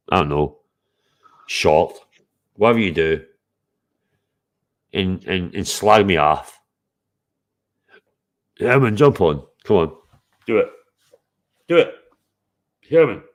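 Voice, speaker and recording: A man with a somewhat low voice hosts a live stream. He talks bluntly and confrontationally, swearing freely as he calls someone out. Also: very animated, slow, pauses often. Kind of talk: heated live stream chat.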